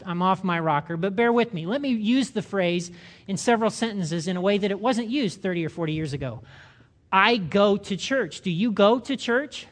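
An older man preaching a sermon, animated, acting out the voices of the people he quotes. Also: high-pitched. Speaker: pastor.

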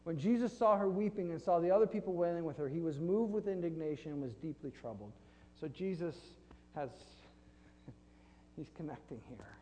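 Pastor, male, mellow tone, loose and self-deprecating delivery, long room reverb. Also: fairly high pitch, animated, moderate pace. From Flint, Michigan. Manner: conversational, self-deprecating with laughs. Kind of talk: sermon. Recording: long reverb in a large hall.

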